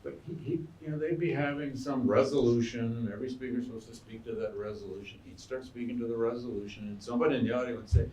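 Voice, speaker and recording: Man, historian answering questions, animated storyteller, roomy echo, distant mic. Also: mid-range voice, fast, few pauses, a little hiss or hum. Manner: animated storyteller who acts out quotes. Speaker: historian and biographer. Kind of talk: lecture Q&A answer. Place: lecture hall. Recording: echoey room, mic far off.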